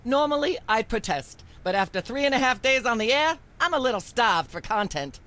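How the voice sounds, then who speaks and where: A woman's voice: a little high, expressive, fairly quick, fairly bright tone. A woman voicing a haughty, condescending female talk show host in a video game, talking in a prim, lecturing way.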